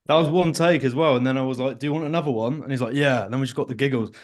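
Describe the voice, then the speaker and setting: A man's voice: medium pitch, rapid-fire, a little mellow. A man who works as an online fitness coach, chatting casually on a podcast with self-deprecating humor. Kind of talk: casual chat.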